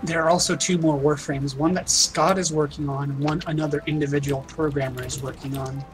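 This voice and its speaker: A man's voice: a little high, little pitch movement, fairly quick, faint music behind, low-quality recording. A man streaming a game, chatting casually and explaining updates in an informative way. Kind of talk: casual gameplay chat.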